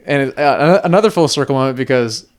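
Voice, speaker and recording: A man co-hosts a casual sports podcast in a smooth, resonant voice. He talks eagerly and rambles, leaning on fillers as he goes. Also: medium pitch, animated, very fast. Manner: eager, rambling fan talk with many fillers. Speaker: podcast co-host.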